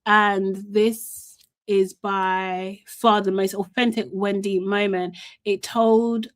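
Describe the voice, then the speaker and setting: A woman's voice: medium pitch, flat delivery, takes it slowly. A young woman, chatting animatedly through a casual live recap and laughing often. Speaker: reality TV recap host.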